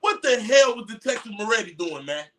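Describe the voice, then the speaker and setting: A man rants in a loud, mocking way, swearing freely and shouting at times. His voice sits high and sounds bright and sharp. He is some way back from the mic. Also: big pitch swings, brisk, distant mic, slight background noise. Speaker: commentary streamer. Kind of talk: casual trial commentary rant.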